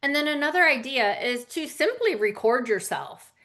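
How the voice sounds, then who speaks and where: A woman's voice: high voice, lively intonation, moderate pace, fairly bright tone. Chatty woman teaching public speaking. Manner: conversational, frequent fillers and asides. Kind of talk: casual spoken lesson.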